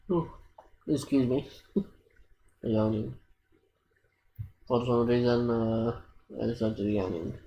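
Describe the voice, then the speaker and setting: Slow, hesitant man thinking aloud. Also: mid-range voice, mellow, highs cut off, a little hiss or hum. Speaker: gaming streamer. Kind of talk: casual gameplay commentary.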